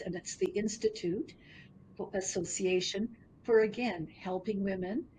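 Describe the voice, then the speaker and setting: A woman founder answering interview questions thoughtfully, sometimes pausing to find the right words. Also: mid-range voice, a little mellow, a little hiss or hum, low-quality recording. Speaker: business founder, guest.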